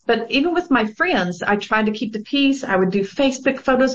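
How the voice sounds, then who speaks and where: A woman's voice: on the high side, animated, normal speed, highs cut off. A woman guest on a talk show, earnestly telling her own story with frequent ums. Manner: earnest storytelling with many fillers. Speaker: guest, abuse survivor and advocate. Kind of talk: personal testimony on a talk show.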